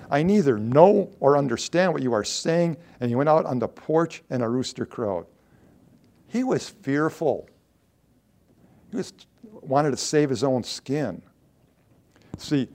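A male pastor preaching a sermon, reading scripture aloud with dramatic quoted lines and dropping to a low, earnest voice. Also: darkish tone.

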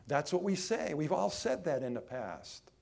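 A man preaching a sermon, emphatic, swinging between loud lines and hushed ones, drawing some phrases out. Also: a little high, sing-song, moderate pace, creaky. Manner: acts out quoted voices in his own voice.

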